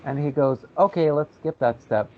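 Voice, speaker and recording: A man co-hosting a podcast, telling a story in a lively, casual way and acting out the people in it. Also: on the high side, normal speed, over a noisy crowd. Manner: animated storyteller, acts out quoted voices. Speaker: podcast co-host. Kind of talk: casual chat. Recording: tinny phone-like audio.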